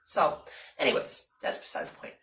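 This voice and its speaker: A young woman chatting casually to her vlog audience, animated and talkative with lots of fillers. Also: normal speed, reverberant, slight background noise. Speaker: vlogger.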